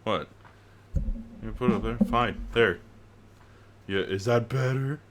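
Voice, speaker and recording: A man's voice: mid-range voice, slow, noisy background. A man streaming from home, trading wry, teasing banter with a friend. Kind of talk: casual banter.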